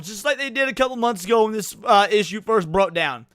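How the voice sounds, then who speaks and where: A man hosting a livestream in casual, profane, excitable commentary, stretching words out for emphasis. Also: high-pitched, brisk, no room sound. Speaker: livestream host.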